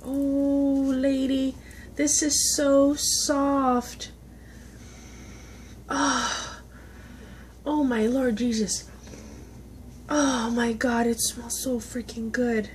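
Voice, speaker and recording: A woman's voice: sits high, little pitch movement, drawn-out words, long pauses, slight background noise. A woman, chatting casually on a vlog as she opens gifts, gushing, gasping and laughing. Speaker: vlogger. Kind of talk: casual unboxing chat.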